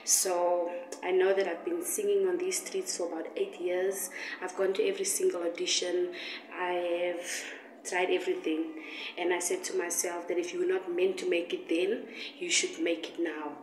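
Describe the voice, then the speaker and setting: A woman's voice: on the low side, little pitch movement, normal speed, noisy background. A woman street singer speaking to her viewers with earnest, determined encouragement, recorded outdoors on a street. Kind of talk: motivational vlog address. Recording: roomy, distant mic with faint street ambience.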